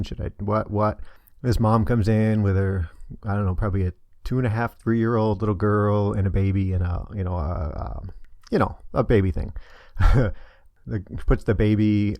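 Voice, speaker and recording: A man's voice: fairly low pitch, mellow, dry recording, clean studio sound. A middle-aged man casually telling a personal story on his vlog, hesitant and full of fillers. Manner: rambling, hesitant, many fillers. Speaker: vlogger.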